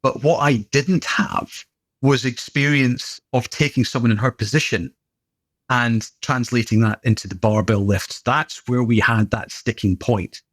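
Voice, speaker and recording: A man's voice: mid-range voice, fairly even intonation, a little slow, fairly bright tone, no room sound. A middle-aged British man and gym owner, telling stories in a chatty, good-humoured way as a podcast guest. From Britain. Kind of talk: casual anecdotal conversation.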